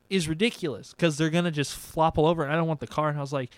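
A man's voice: a little high, quick pace, few pauses. A young man, a podcast co-host telling a story in casual chat and acting out both sides of the conversation.

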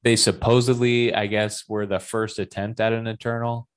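A man's voice: on the low side, flat delivery, normal speed, smooth. A man casually discussing a superhero movie with an easygoing, joking manner. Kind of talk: casual movie review chat.

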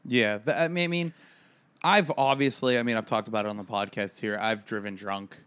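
A man co-hosting a podcast in casual chat, telling stories with lots of stammers and restarts and acting out quotes loudly. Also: lowish voice, fairly quick, smooth. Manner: animated storyteller, acts out quotes loudly. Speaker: podcast co-host.

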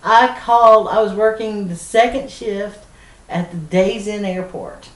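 A middle-aged Southern woman co-hosts a chatty podcast, telling stories in a mid-range voice at a measured pace. She's animated and often laughs mid-sentence. The mic sits back, giving a roomy sound.

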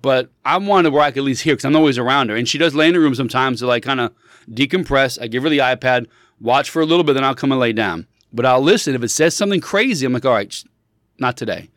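A man in his thirties with a fairly high voice talks in casual podcast chat. He tells stories with energy and acts out the quotes in changing voices. The recording is close and dry. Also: no room sound. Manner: animated storyteller, acts out quotes in shifting voices. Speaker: podcast co-host.

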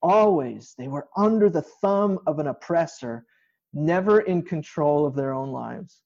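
A man's voice: on the high side, lively intonation, unhurried, vocal fry, a little mellow, muffled recording. A male pastor giving an informal online sermon from a home kitchen, explaining scripture in a conversational way.

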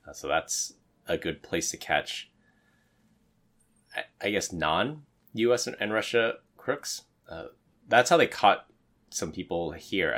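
A man hosting a podcast, chatting casually and then reading out a tech news rundown. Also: a bass voice. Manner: hesitant, restarts a lot in chat, steady when reading news. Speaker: podcast host.

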